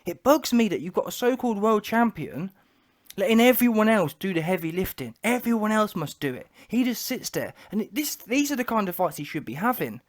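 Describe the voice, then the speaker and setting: A man's voice: high-pitched, very animated, brisk. A man giving casual, opinionated boxing reaction commentary, full of slang, restarts and trash talk.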